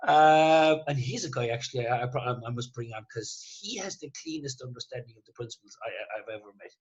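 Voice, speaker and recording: A man's voice: mid-range voice, a little fast. Man telling stories over a muffled line. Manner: rambling, with frequent restarts and laughter. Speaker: host. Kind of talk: casual conversational storytelling.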